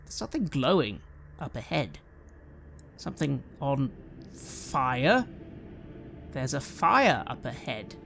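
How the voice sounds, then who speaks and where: A man narrating a tabletop role-playing game as game master, measured and descriptive. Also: mid-range voice, very animated, gravelly, fairly bright tone, a little hiss or hum.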